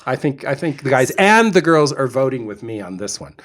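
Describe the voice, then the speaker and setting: A middle-aged man co-hosting a podcast, telling a story with animated, dramatic delivery. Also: medium pitch, fairly quick. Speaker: podcast co-host. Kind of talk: storytelling chat.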